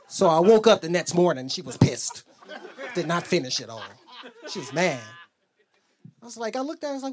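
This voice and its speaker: A man's voice: sits high, quick pace. A young adult man doing a stand-up comedy set, telling crude, profane stories and acting out the lines of people in them. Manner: animated storytelling, acts out quoted lines.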